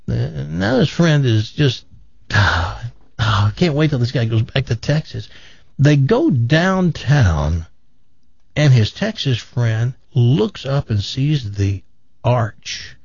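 A man's voice: measured pace, vocal fry, slightly rough, dry recording, highs cut off. A man hosting a radio show, chatting casually and telling a long joke, his voice jumping up for the quoted characters. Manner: animated storyteller, pitch jumps up for quoted characters.

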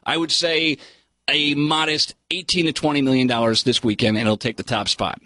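A man's voice: mid-range voice, flat delivery, moderate pace, sharp tone, dry recording. A man reviewing a film in casual chat, blunt and sarcastic in his opinions. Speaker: movie critic.

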